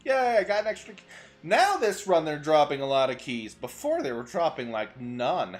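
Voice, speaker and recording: Young guy streamer chatting w chat while gaming, pitch bouncing all over, lil faint music behind. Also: moderate pace. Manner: chatty, answers chat while playing, sudden excited outbursts. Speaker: VTuber streamer. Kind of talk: gaming livestream commentary.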